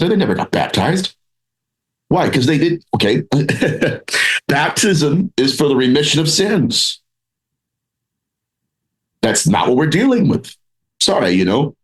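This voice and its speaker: A man speaking as a guest in a podcast interview, animated and rambling with restarts, acting out quoted voices as he talks. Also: mid-range voice, normal speed, long pauses, rough recording. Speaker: paranormal researcher and author, podcast guest. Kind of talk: conversational interview.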